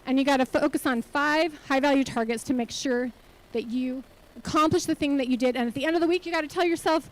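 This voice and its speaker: A woman's voice: sits high, quick pace, few pauses, poor audio. A woman speaking as a nonprofit CEO giving a motivational conference talk on a stage, earnest and full of rhetorical questions to the audience.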